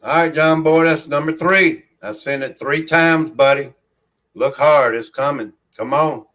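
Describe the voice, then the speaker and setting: A man with a Southern country accent chats to his viewers from his home, speaking into a phone he holds in his hand. His pace is unhurried and drawn out, and his voice sits slightly high for a man. He rambles in a friendly way, reads out comments and refers to himself in the third person. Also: a bit bright. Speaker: livestream host. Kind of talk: casual livestream chat, reading viewer comments aloud. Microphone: phone held in hand.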